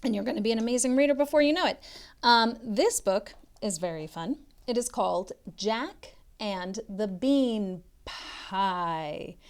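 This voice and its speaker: A woman tutoring literacy, reading a storybook aloud to children in an expressive way, now and then dropping to a soft whisper. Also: fairly high pitch, unhurried, clean tone.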